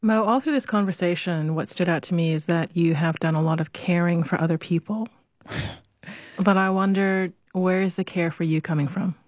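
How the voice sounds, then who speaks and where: A woman hosting a radio interview, asking gentle, measured questions. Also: on the low side, steady tone, no room sound.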